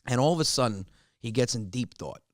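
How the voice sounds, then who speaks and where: Animated comedian telling family stories. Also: male voice, fairly quick, no room sound, studio quality. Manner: animated, jumps way up in pitch for punchlines. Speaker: stand-up comedian, guest. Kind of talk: storytelling in a podcast interview.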